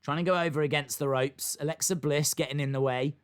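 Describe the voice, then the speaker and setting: A man's voice: on the high side, fairly even intonation, quick pace, clear, resonant tone. A young man hosting a live wrestling watch-along, calling the action and reading chat comments aloud. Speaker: wrestling stream host.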